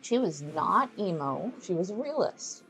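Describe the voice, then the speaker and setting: A woman's voice: lowish voice, very animated, measured pace, vocal fry, fairly bright tone, poor audio. A woman bantering wryly with a friend over a game. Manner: wry, reads dictionary entries aloud. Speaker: co-player.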